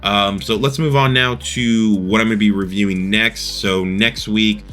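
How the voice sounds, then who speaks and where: Brief: male host, casual rambling recap, low-ish pitch, bright forward tone, faint music underneath. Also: steady tone, normal speed. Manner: rambling, many fillers, laughs at own retelling. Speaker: show host reviewing a cartoon episode.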